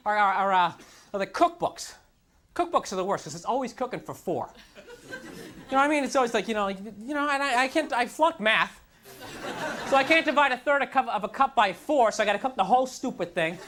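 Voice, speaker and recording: A man's voice: extremely high pitch, expressive, brisk, fairly bright tone. A man performing a stand-up comedy routine on a club stage, ranting in a frustrated, self-mocking way and slipping into mocking voices. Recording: live club recording with crowd noise. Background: audience laughter.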